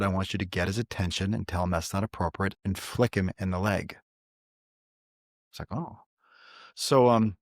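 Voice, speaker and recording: Lively low-voiced man telling stories. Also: dry recording, studio quality. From New York. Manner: storytelling, animated, repeats himself. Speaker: podcast host. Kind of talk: casual faith conversation.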